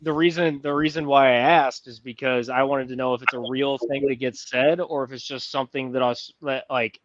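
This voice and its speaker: A man's voice: mid-range voice, steady tone, a little fast, a bit bright, no room sound. A man hosting a podcast, asking rambling questions full of fillers. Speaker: podcast host. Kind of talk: casual podcast conversation. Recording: dull, dry recording.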